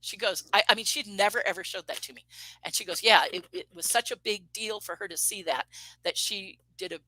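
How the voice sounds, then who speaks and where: A woman in her fifties, a guest in an interview, relates a personal story a little fast in a bright, forceful, mid-range voice. Her lively delivery animates the quoted dialogue, and she restarts sentences as she goes. The close recording has no room sound and poor audio.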